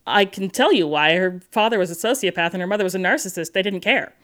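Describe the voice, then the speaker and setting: A woman's voice: mid-range voice, lively intonation, fast talker, a bit bright. A woman author talking earnestly about her novel and reading passages from it aloud. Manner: earnest, restarts, thoughtful.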